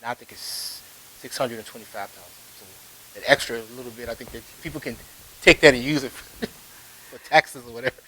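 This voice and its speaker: A man's voice: brisk, bright, forceful tone, rough recording. A man being interviewed, telling a long story in a casual, rambling way with many fillers and chuckles. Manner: rambling anecdotes with frequent fillers and laughs. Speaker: interview guest, ragtime pianist. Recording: faint hiss, low-fi video.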